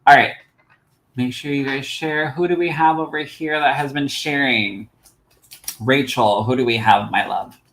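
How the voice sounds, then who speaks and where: A man's voice: medium pitch, unhurried, echoey room, low-quality recording. A man hosting a live stream as a psychic medium, reading cards for viewers and calling them "my love". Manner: animated, affectionate, calls viewers "my love". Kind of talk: livestream card readings for viewers.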